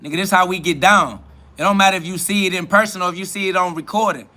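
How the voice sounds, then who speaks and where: A man's voice: high-pitched, fairly even intonation, fast, bright, forceful tone. A man hosting a live stream, boasting and trash-talking in a preachy, repetitive way, answering viewers' comments.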